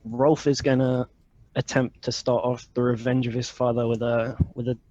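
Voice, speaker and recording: A man playing a tabletop game, relaxed and thinking aloud as he plans his moves. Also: medium pitch, moderate pace, dry recording. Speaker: player. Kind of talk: casual tabletop game play. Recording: dull lo-fi mic.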